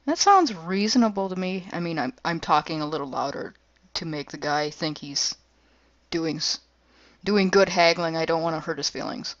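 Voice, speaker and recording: Low-voiced woman player, polite. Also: fairly even intonation, moderate pace, no room sound, muffled recording. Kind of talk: tabletop role-play.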